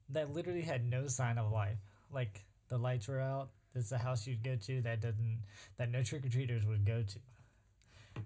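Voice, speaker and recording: Relaxed young man joking with a friend. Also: medium pitch. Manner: relaxed, joking, with filler words. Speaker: co-host telling a story. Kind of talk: casual chat.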